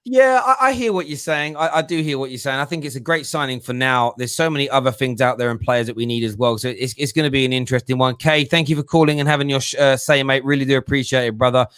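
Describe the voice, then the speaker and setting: A man's voice: mid-range voice, fast, hardly any pauses, fairly bright tone, clear, resonant tone, no room sound, studio quality. A man hosting a fan call-in show with a chatty, joking manner who laughs easily with callers. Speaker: host.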